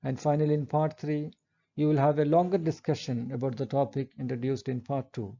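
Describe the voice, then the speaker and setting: A man giving a recorded English lecture, explaining step by step in a measured way and reading example sentences aloud. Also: medium pitch, fairly even intonation, dark tone, lo-fi sound.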